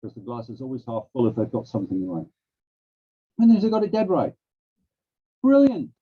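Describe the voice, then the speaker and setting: A man's voice: normal speed, breathy edge. A man, a language teacher, giving a workshop presentation over a video call. He acts out classroom prompts, and his voice leaps up and down as he demonstrates. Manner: animated, acts out classroom prompts with big pitch swings. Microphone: video call microphone. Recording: dull, lo-fi video call audio.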